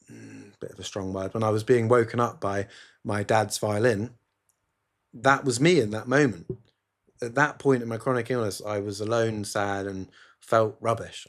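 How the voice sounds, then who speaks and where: A man talks alone into a phone camera for his podcast, drifting from dry sarcasm into earnest asides. His voice sits at an everyday middle pitch, and he keeps stopping to correct himself before pressing on. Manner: sarcastic, rambling, self-interrupting. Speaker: podcast host. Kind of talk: solo podcast monologue.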